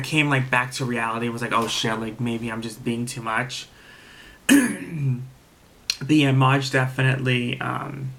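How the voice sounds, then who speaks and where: A man at a middle pitch casually recaps a reality show episode. He rambles and restarts his sentences often. He speaks frankly and swears freely. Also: creaky, fairly bright tone. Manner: rambling, many fillers and restarts. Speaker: TV episode reviewer.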